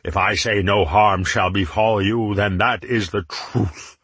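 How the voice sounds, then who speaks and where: A commanding chieftain with a stern, measured delivery, as a male narrator reads him. The voice stays low and husky, close to the reader's own. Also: steady tone, a bit bright, no room sound, exaggerated voice.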